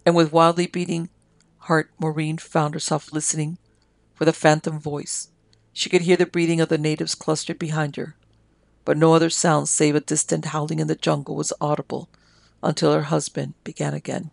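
An audiobook narrator reading a story in a measured, dramatic way. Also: mid-range voice, flat delivery, gravelly, no echo. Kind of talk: scripted narration.

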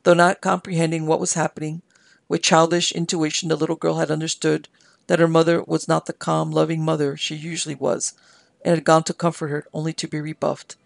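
A man reads a story in a slow, measured way, with a heavily gravelly, fried voice. His pitch sits a little high and barely moves. The sound is dry and close. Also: dry recording. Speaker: audiobook narrator. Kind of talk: scripted narration of history and story.

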